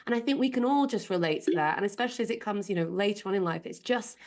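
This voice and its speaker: A woman's voice: mid-range voice, animated, fast talker, hardly any pauses, a little mellow. A woman from Britain, a film critic guest chatting casually on a pop-culture panel, with laughing asides.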